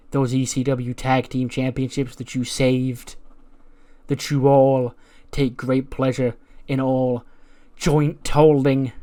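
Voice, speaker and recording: A man's voice: medium pitch, darkish tone, natural voice. A man voicing a proud, defiant masked male luchador wrestler in a wrestling promo. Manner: declaring, taunting.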